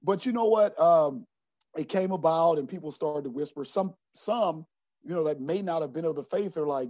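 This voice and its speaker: A middle-aged man with a fairly high voice tells his story of faith with earnest feeling. He is lively at times, then drops to a low, quiet tone. The recording is dry and a little dull. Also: normal speed, no echo. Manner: earnest and animated, often dropping to a low quiet voice. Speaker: basketball coach. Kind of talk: personal faith testimony in an interview. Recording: dry, slightly dull sound.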